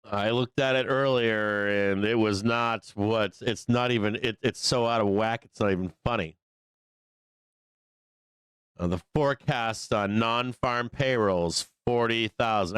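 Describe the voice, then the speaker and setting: A man's voice: lowish voice, measured pace, fairly bright tone, clean tone, dry recording. Profane, ranting male stream host. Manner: profane, ranting, frustrated, laughs often. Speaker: stock market show host. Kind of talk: casual live trading stream commentary.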